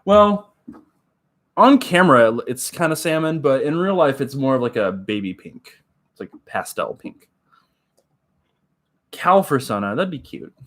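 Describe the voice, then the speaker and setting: A man from Oklahoma hosts a relaxed livestream, chatting loosely with his viewers. He rambles and giggles, restarting sentences and filling gaps with filler words, in an everyday mid-range voice. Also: mid-range voice, normal speed, long pauses. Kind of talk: casual chat with live viewers.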